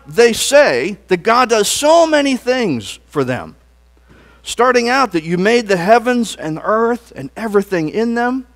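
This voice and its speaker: A man preaching a sermon in a church, earnest and emphatic, leading the congregation in spoken declarations. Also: on the high side. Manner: leads the congregation in call-and-response declarations; earnest preaching with emphatic rises and soft trailing phrase endings. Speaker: pastor. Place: church sanctuary.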